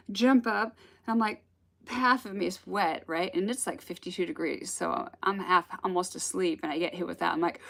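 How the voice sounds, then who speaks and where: Speaking in a lowish, creaky voice, this woman is a spiritual teacher giving a laid-back talk. Her storytelling wanders and stays chatty, punctuated by laughter.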